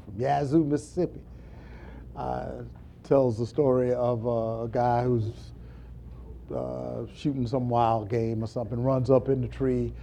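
A man preaching a sermon, moving between quiet asides and impassioned high calls. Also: gravelly, a little hiss or hum.

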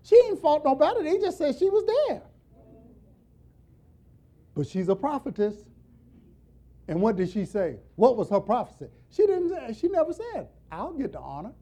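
A man preaching a sermon, talking straight to his congregation in a lively, folksy way. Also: very high voice, normal speed, long pauses. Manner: animated, folksy, direct to congregation.

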